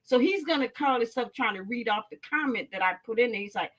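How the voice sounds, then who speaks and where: A woman with a Texan accent hosting a live stream in casual chat, telling a story in an animated and profane way. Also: a little high, quick pace, hardly any pauses, rough recording.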